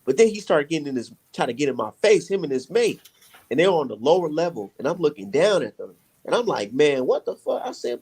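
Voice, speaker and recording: A man hosting a casual chat, telling a profane, animated story and laughing often. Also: fairly high pitch, a little fast, husky. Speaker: podcast host.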